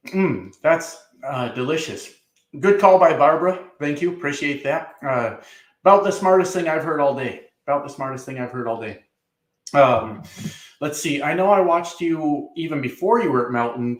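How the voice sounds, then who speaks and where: A man's voice: on the high side, echoey room. A man, a trucker, chatting casually on a livestream, reading comments, joking and swearing with lots of fillers. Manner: profane, joking, rambling with many fillers. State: coughing a little. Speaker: trucker reading live chat.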